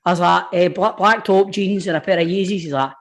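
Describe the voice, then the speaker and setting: A man's voice: sits high, brisk. A man with a Scottish accent, co-hosting a podcast, telling a story in casual chat. He swears freely and laughs through his own tales. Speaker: podcast co-host.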